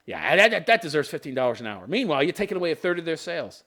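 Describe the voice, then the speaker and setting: A man's voice: a little high, big pitch swings, racing, fairly bright tone. A man hosting a podcast, reading news items aloud and tearing into them with sarcastic, profane commentary and scoffing laughs. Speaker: podcast host.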